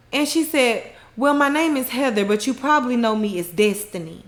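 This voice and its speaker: Woman, high lively voice, unhurried, laughing recap, echoey room. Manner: animated retelling with laughs and Southern slang. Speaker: recap host. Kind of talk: casual show recap.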